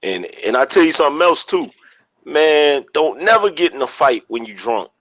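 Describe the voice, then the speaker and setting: A man's voice: on the high side, big pitch swings, moderate pace, fairly bright tone, poor audio. A man in casual chat giving blunt advice, emphatic and repeating his points. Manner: emphatic, advising, repeats himself.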